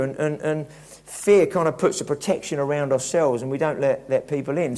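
Reflective preacher, fairly high voice. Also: male voice, a little mellow. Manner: conversational, reflective, many restarts. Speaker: pastor. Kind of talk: sermon.

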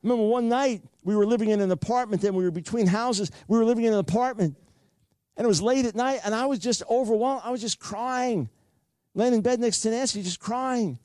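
An older man delivers a sermon in a fairly high voice, recounting his own story with earnest repetition. The sound is close and dry, with no room around it. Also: quick pace, darkish tone, no echo. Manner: earnest storytelling with frequent repeats. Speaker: preacher.

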